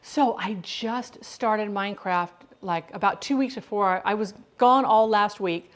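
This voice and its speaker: A woman's voice: medium pitch, a little slow. A middle-aged woman chatting casually with her live-stream viewers as she cooks in her home kitchen, rambling with frequent restarts. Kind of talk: casual live-stream chat while cooking.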